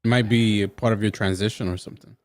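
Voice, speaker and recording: Casting: easygoing male co-host, short answers, lowish voice, dry sound. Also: fairly even intonation, quick pace, no echo. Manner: laid-back, brief replies. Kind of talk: casual chat.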